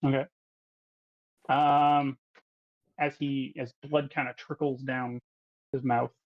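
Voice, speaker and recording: A man narrating a tabletop game as game master, in a casual, halting way with many fillers. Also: medium pitch, little pitch movement, no room sound. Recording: dull, dry audio.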